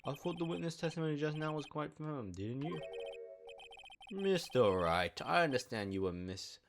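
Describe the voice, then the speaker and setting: A man voicing a smug, condescending male prosecutor in a video game, speaking low and sneering. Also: sing-song, normal speed, music in the background.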